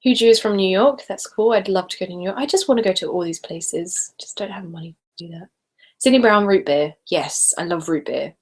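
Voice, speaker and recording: A chatty British woman reads viewer comments aloud on her live stream. Her pitch sits in a mid range for a woman, and her talk drifts between easy, relaxed chat and soft whispers. The stereo recorder catches it up close. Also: brisk. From Britain. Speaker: ASMR channel host. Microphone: stereo handheld recorder.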